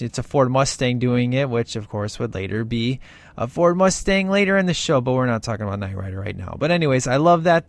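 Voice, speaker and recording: A man in casual commentary, talking with loose, rambling enthusiasm and slipping into quoted lines as he goes. His voice sits in a middle register. The recording is dry and close, with no room echo. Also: medium pitch. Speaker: movie reviewer.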